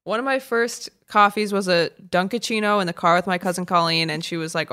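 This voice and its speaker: A woman co-hosting a podcast in casual chat, joking and self-deprecating with quick asides. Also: on the low side, steady tone, pushed and bright. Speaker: podcast co-host. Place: remote call.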